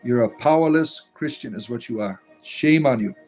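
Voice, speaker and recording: A man hosts a pagan spirituality livestream, chatting casually and answering comments in a rambling, combative manner full of fillers and asides. His mid-range voice is a little mellow, he talks at a moderate pace, and soft music plays behind him.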